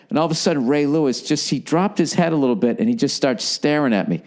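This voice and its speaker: A man's voice: fast talker, hardly any pauses. A middle-aged man with a Boston accent hosting a podcast, telling a comedic story with swearing and acting out other people. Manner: profane, animated, acts out quoted people in higher voices. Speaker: podcast host.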